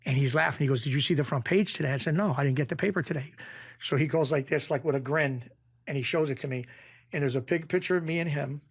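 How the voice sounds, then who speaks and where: A man's voice: on the high side, quick pace, slightly rough. A man, telling stories as a podcast guest and acting out the voices of people in them. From Springfield, Massachusetts. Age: 50s. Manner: animated anecdotes, acts out quoted voices. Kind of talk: casual storytelling.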